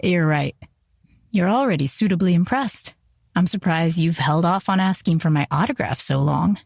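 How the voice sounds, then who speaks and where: A woman's voice: lowish voice, moderate pace, creaky, darkish tone, dry recording. Woman voicing a suave, teasing wealthy man. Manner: dry, teasing.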